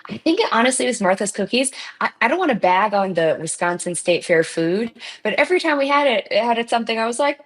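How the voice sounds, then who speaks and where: A woman's voice: a little high, big pitch swings, quick pace, few pauses. A woman guest on a podcast, telling stories about food in an upbeat, enthusiastic way. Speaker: podcast guest, baking show runner-up. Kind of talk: casual chat.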